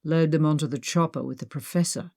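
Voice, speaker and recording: A woman voicing a commanding British man in khaki who gives calm orders. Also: low voice, a little fast, gravelly, no room sound, clean studio sound. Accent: British, put on.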